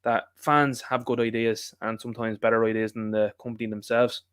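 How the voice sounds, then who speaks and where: A man's voice: mid-range voice, little pitch movement, brisk, a bit bright, clear, resonant tone, no echo, clean studio sound. A man with a thick Irish accent, a guest on a podcast, talking in a friendly, chatty way. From Ireland. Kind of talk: casual interview chat.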